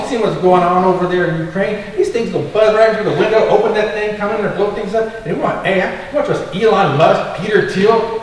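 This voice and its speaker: A man, a congressional candidate, answering at a forum in an impassioned, fired-up way. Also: high-pitched. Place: large echoey hall. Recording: echoey hall, voice from far off, faint noise.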